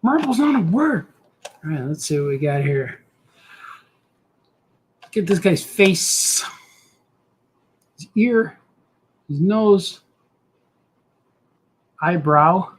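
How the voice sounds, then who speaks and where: A man's voice: on the high side, drawn-out words, long pauses. A middle-aged man chatting casually and goofily to himself while he draws, hosting a live show. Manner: goofy, talks to himself, does silly voices. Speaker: cartoonist host drawing on stream. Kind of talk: rambling casual chat while drawing.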